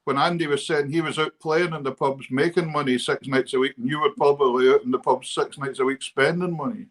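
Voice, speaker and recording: A man hosting a casual chat, asking relaxed questions with a teasing edge. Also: medium pitch, fairly quick. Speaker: host.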